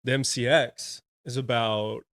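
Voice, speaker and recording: A man's voice: mid-range voice, steady tone, measured pace, a bit bright, no room sound. A man in his thirties, a retired Navy corpsman, telling his story as a podcast guest in a casual, frank way and laughing often.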